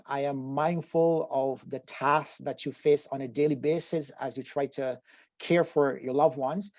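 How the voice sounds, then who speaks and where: Slow, deliberate man presenting. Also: fairly high pitch, a little mellow, dry recording. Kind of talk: slow measured presentation talk.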